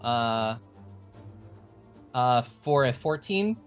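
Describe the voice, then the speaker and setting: A man running a tabletop game as game master, calling out rolls and narrating the enemies' moves in a relaxed way. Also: mid-range voice, extremely slow, faint music behind.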